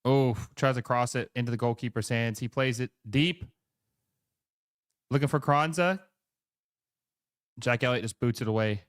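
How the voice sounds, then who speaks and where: A man hosting a live football watch-along, calling the play with quick excited bursts and chatting with his viewers between moments. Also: medium pitch, clean tone, dry recording, studio quality. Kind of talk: live match commentary and chat reading.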